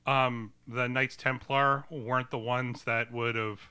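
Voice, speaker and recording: A man co-hosting a casual movie-review podcast, talking in halting restarts. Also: mid-range voice, flat delivery, pushed and bright, clean tone. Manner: hesitant, stammering restarts. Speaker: podcast co-host.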